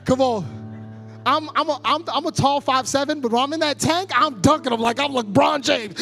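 A man preaching a sermon as a guest preacher, passionate and playful, moving from quiet storytelling to loud shouts. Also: very high voice, animated, fairly quick, vocal fry, faint music behind. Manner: playful, jokey asides.

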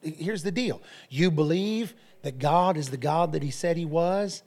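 A man's voice: fairly high pitch, a little slow, a little mellow. A male pastor preaching a sermon, telling stories with energy and often repeating his phrases.

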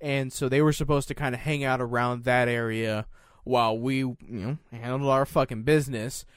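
A young man in casual chat as a podcast co-host, telling crude, animated stories full of swearing. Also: medium pitch, moderate pace, clean tone, dry recording, clean studio sound.

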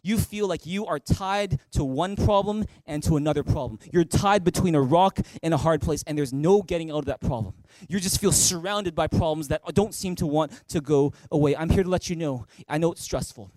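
A male pastor delivers a sermon from a church stage in a fairly high voice. His sound is dry and close, with little room around it. He builds to emphatic peaks and keeps putting questions straight to the listeners. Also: brisk, few pauses, darkish tone, no echo. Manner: direct, asks the listeners questions.

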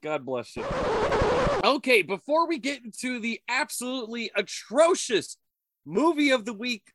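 A man's voice: extremely high pitch, sing-song, normal speed, fairly bright tone, no echo, studio quality. A man co-hosting a comedy podcast, talking in a playful, jokey, casual way. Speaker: podcast co-host.

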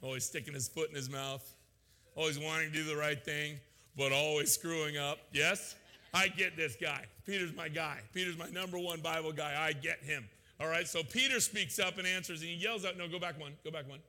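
A male pastor preaching a sermon in an animated, casual, joking way in a church hall. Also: a little high, fairly quick. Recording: long hall reverb.

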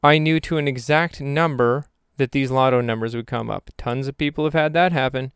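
A man's voice: mid-range voice, brisk, a bit bright, clean tone, no echo, clean studio sound. A young man rambling through a reflective vlog monologue, questioning himself aloud with jokey asides. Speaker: vlogger.

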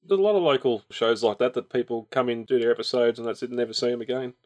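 A man guests on a podcast, his words coming quickly and often repeated as he talks. His voice sits in a middle pitch. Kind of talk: casual chat.

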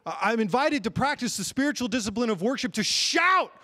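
High-voiced animated male preacher. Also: fast talker. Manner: animated storytelling, bursts into shouts. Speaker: pastor. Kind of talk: sermon.

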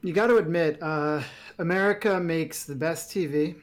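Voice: medium pitch, normal speed. A podcast co-host chatting casually about video games with dry, teasing remarks. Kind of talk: casual chat.

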